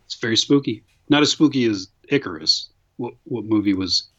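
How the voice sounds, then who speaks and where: A man's voice: on the low side, expressive, moderate pace. A male podcast host in loose, casual conversation. He tells rambling stories, swears freely and breaks into laughter often. The audio is a little dull and lo-fi. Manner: laughing storyteller, profane, rambling. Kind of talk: casual chat.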